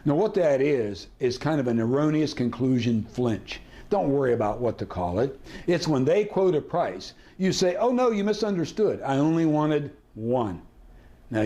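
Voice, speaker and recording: A man's voice: medium pitch, dark tone. Male negotiation trainer, seminar delivery, quizzes the room with rhetorical questions. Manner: asks the audience rhetorical questions and acts out sample dialogue. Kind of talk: seminar teaching.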